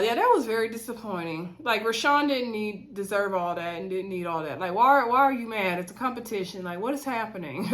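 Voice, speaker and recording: A woman casually reviewing a reality TV episode from home, chatty and quick to laugh, talking straight to her viewers as y'all. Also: on the high side, fairly bright tone. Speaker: reality TV recap host.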